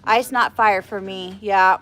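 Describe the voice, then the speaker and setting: Bright, animated woman livestream host; casual and talkative. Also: medium pitch, a little slow. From Texas. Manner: chatty, animated, laughs often. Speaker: media director, livestream host.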